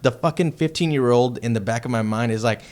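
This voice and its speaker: A man from Texas in his thirties or younger, a heavy metal band member, chatting as a podcast guest. His voice sits at an ordinary middle pitch, and he tells his story in a loose, excitable way, swearing freely as he goes. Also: fairly quick, background noise. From Texas, United States. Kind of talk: casual storytelling chat.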